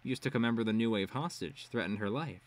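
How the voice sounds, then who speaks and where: A man's voice: mid-range voice, fast talker, natural voice. A man voicing a blunt, hot-tempered teenage superheroine in a read-aloud web serial. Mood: threatening. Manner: blunt, threatening.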